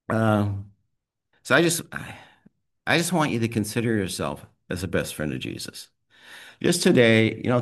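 A man leading a small men's group, giving a rambling, conversational devotional talk and praying, laughing often. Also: lowish voice. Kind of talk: informal devotional talk and prayer. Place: small private group meeting.

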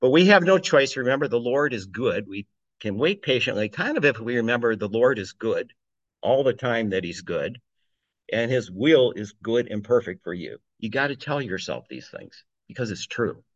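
A man delivers an informal sermon, chatty and plain-spoken as he reads scripture and talks it through. His voice sits at an ordinary middle pitch. The recording is dry, with a slightly dull, muffled tone. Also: big pitch swings, moderate pace, dry recording. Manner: conversational, reads scripture aloud, chuckles between points. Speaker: preacher.

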